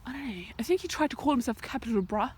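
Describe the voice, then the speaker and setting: A woman's voice: on the high side, lively intonation, fast, a little mellow. A young woman chatting nervously to the camera while walking on a rural hill, often dropping to a whisper. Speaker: vlogger. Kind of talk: casual walking vlog. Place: outdoors on a rural hillside. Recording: noisy outdoor recording.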